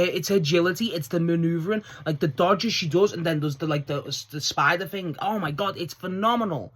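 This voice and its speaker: Excitable, sweary man reviewing wrestling. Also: mid-range voice. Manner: excitable, swearing, laughing, recounting scenes. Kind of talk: casual solo review.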